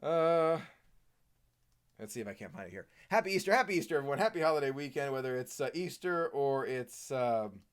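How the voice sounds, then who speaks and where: A man's voice: medium pitch, expressive, a little fast, clear, resonant tone. A man from the Washington, D.C. area hosting a live stream Q&A, chatty, reading viewer comments aloud and answering them. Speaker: host.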